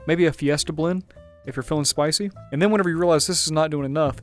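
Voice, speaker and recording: A man doing a hushed, soothing painting teacher. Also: fairly high pitch, steady tone, faint music behind, natural voice. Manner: gentle, slow, hushed and pleasant. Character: soft-spoken, soothing adult male painting instructor.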